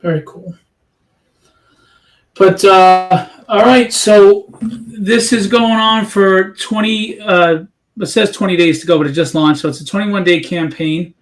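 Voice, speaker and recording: A man hosting a casual livestream interview, chatty and promotional as he asks questions and pitches the campaign. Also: fairly even intonation, measured pace, echoey room. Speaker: livestream host.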